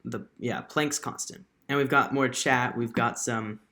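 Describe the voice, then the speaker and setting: A high school boy on a live stream, talking casually with a mid-range voice. He explains quiz answers patiently and is a little apologetic about how hard he made them. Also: steady tone, unhurried, sharp tone. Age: teens. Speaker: podcast co-host.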